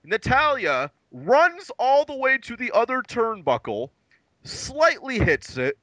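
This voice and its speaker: A man's voice: very high voice, wildly swooping pitch, slow pace, sharp tone, no room sound, rough recording. A man co-hosting a casual wrestling recap podcast, crude and joking, mocking what he recaps. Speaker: podcast co-host.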